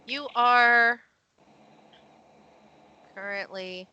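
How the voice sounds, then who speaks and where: A woman's voice: a little high, extremely slow, bright, forceful tone, clean tone, muffled recording. A woman running a tabletop game as game master, narrating scenes and patiently explaining the rules.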